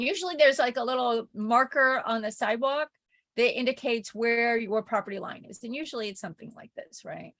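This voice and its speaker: A woman's voice: fairly high pitch, a bit bright. A woman professor giving an informal recorded lecture, telling a neighborhood anecdote in a chatty way, full of "like" and "right?". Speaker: communication professor.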